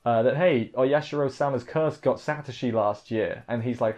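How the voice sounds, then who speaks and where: A man's voice: mid-range voice, moderate pace, darkish tone, highs cut off. A man casually reviewing an anime episode, rambling off the cuff and correcting himself as he goes.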